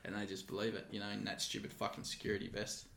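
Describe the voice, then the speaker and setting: An Australian man hosting a casual podcast chat, telling bouncer stories bluntly, with heavy swearing and animated delivery. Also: fairly low pitch, quick pace, creaky, a little hiss or hum. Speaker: podcast host, former bouncer. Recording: echoey room.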